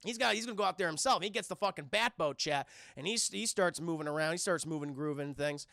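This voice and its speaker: Gravelly high-voiced man recapping on stream. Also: fast talker, no room sound, clean studio sound. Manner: animated, swears a lot, keeps addressing the chat. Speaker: cartoon reviewer streaming to a live chat. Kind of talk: profane casual recap of an episode.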